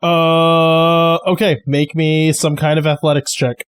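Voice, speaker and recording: A man's voice: fairly high pitch, level tone, slow, clean tone. A man narrating as game master in a loose, chatty way with plenty of fillers.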